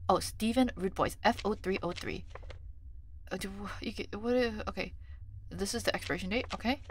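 A young woman streaming a game, reading its text aloud and thinking out loud, often scattered and flustered, with lots of ums. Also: mid-range voice, normal speed, a little hiss or hum. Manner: scattered and chatty, many ums, gets flustered; reads on-screen instructions in a mumbly undertone.

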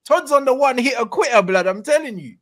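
A man's voice: very high voice, lively intonation, fairly quick, a crowd in the background. A young man talking football in slangy, laughing banter. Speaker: football fan co-host.

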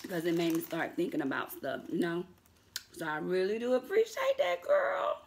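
A woman's voice: on the low side, wildly swooping pitch, moderate pace, a little hiss or hum. A woman vlogger chatting casually to her viewers, calling them y'all and laughing often, defiant and sassy toward her critics. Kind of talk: casual vlog talk to viewers.

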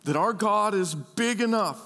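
A man's voice: high-pitched, unhurried. Man preaching in a reverberant church. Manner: animated preaching, leads the congregation in repeating words. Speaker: pastor. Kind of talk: sermon. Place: large church hall. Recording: church hall with long reverb.

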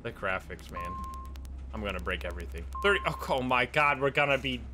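A man's voice: medium pitch, expressive, a little fast, over music. A man casually commentating a video game livestream, self-mocking and swearing often. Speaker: streamer playing a video game.

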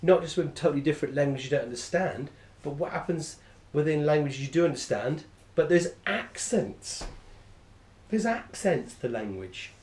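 A man's voice: fairly high pitch, expressive, moderate pace, darkish tone. A man teaching a class, enthusiastic and rambling, often correcting himself mid-sentence. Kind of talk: classroom lecture. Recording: echoey room.

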